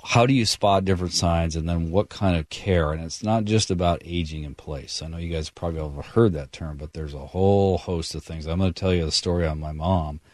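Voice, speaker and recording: Very deep-voiced male radio host. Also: fairly quick, few pauses, darkish tone, no echo, studio quality. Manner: folksy, many fillers, addresses listeners as guys. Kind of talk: casual talk show hosting.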